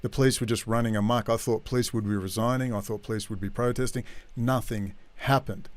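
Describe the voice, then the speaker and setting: A man's voice: mid-range voice, fairly even intonation, brisk. An Australian man hosting a casual live-stream chat, talking in a rambling, blunt, slangy way. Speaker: host of a live online chat.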